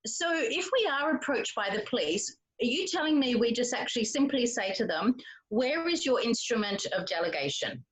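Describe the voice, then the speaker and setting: A woman's voice: on the high side, animated, moderate pace, rough recording. A woman from Western Australia asking a question on a webinar, speaking hesitantly with frequent fillers. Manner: hesitant, lots of ums and uhs.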